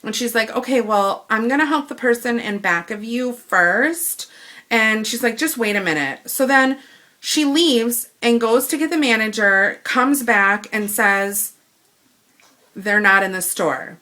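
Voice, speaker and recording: Bright-voiced Midwestern woman ranting. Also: a little high, unhurried. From Wisconsin. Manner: animated retelling, acting out both sides of the dialogue. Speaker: vlogger. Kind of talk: ranting story to camera.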